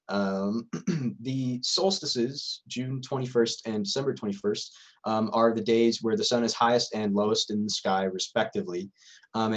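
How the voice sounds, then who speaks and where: A young man presenting a casual livestream lecture with a loose, hesitant delivery. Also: lowish voice. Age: young adult.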